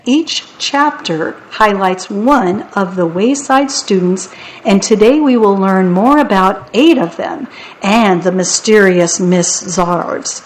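A woman reading children's stories aloud as a volunteer radio storyteller, in a gentle, deliberate way. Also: medium pitch, low-quality recording.

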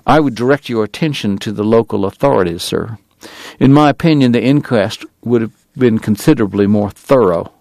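A man voicing a formal, long-winded gentleman dentist and gambler with a Southern drawl, verbose and precise. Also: on the low side, moderate pace, dry recording, close to an everyday voice. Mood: indignant. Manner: verbose, precise and courtly, prickly about his honor.

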